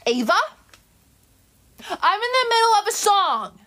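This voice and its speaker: Woman, very high voice, slow delivery; indignant live streamer who scolds her chat and sings simple made-up tunes. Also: very animated, pushed and bright. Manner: scolding, indignant, sing-song.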